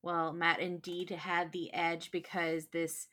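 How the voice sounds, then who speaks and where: Woman trivia host, bright clear voice, casual podcast banter, giggly reading. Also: on the low side, level tone, takes it slowly. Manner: laughs often while reading questions.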